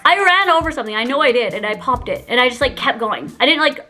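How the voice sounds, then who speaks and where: A woman's voice: sits high, big pitch swings, fairly quick, bright, forceful tone, faint music behind. A young woman YouTuber telling candid stories in a chatty, giggly vlog, filling her talk with "like". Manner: giggly, heavy use of "like", chatty. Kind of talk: confessional storytime vlog.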